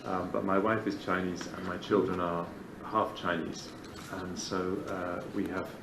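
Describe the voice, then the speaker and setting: Deep-voiced man giving a halting speech. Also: little pitch movement, distant mic. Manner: halting, many pauses and ums. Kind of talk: formal speech with light humor. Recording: roomy banquet hall with background noise.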